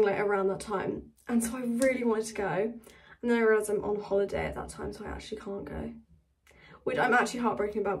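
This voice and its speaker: A woman's voice: mid-range voice, slight background noise, rough recording. A teenage girl vlogging at home in casual chat, gushing and dramatic, swearing freely.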